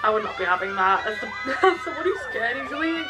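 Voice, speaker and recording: A young woman hosting a reaction video, chatting excitably, laughing often and using slang. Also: a little high, brisk, raised voice, a loud crowd, very noisy. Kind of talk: casual reaction commentary.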